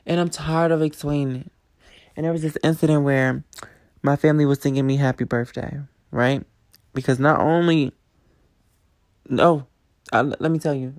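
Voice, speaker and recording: A woman's voice: rumbling low, warm tone. A young woman in her twenties, a podcaster, tells a personal story in a blunt, profane, emphatic way and repeats phrases for force.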